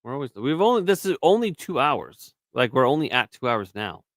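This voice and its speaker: A man's voice: medium pitch, very animated, fairly quick, no room sound, clean studio sound. A man co-hosting a casual live-stream show, reading chat messages aloud and teasing his co-host. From Canada. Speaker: podcast co-host.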